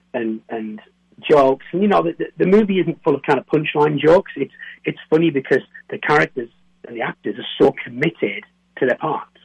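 A man from near Newcastle with a softened northern English accent, a film director answering interview questions in a hesitant way, repeating words and laughing often. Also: mid-range voice, husky, no room sound, highs cut off. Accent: northern English, softened toward standard. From northern England, near Newcastle. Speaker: film director and co-writer, guest.

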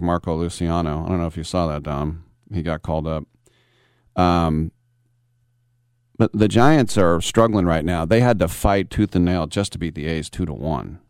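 A man's voice: sits low, a little mellow, smooth, no echo, studio quality. A man hosting a sports talk radio show, telling rambling, wry stories with many asides. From San Francisco Bay Area.

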